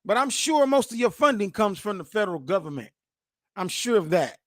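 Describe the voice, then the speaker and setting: A man in his forties reacting to news clips as host, animated, emphatic and mocking, full of slang. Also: high-pitched, fairly quick, dry recording, clean studio sound.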